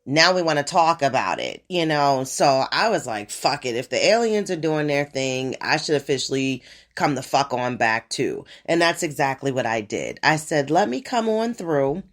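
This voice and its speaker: A woman in her forties hosting a podcast alone, rambling in a profane, animated casual monologue. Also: very deep voice, moderate pace. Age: 40s. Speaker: podcast host.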